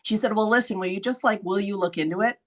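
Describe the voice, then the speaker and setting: A woman hosting a podcast, telling a story in a casual, blunt way, swearing freely and acting out quoted voices with sudden high jumps. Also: fast talker. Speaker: podcast host.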